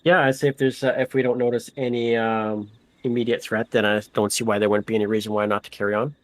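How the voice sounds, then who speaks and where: Hesitant low-voiced male player. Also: flat delivery, fast talker. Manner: hesitant, many fillers. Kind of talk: casual game talk.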